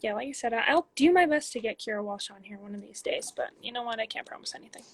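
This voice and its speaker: Chatty woman with a gravelly, husky voice. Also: fairly high pitch, animated, fast. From Canada. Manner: reads questions aloud then answers chattily. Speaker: professional soccer player answering fan questions. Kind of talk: casual livestream Q&A. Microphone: phone.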